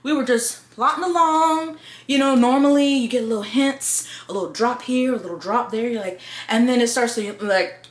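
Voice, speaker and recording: A woman's voice: on the high side, normal speed. Blunt book-vlogging woman in an echoey room. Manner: blunt and expressive, swears casually. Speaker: book reviewer. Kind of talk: casual review chat.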